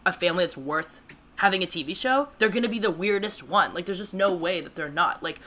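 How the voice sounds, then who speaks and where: Bright-voiced sarcastic woman chatting. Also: lowish voice. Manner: animated, sarcastic, quick to laugh. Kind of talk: casual comedic chat.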